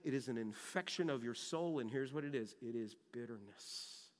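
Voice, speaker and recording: A man preaching a sermon as pastor, impassioned, swinging between loud emphasis and hushed lows, repeating words as he goes. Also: moderate pace, big-room sound. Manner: repeats words and restarts phrases.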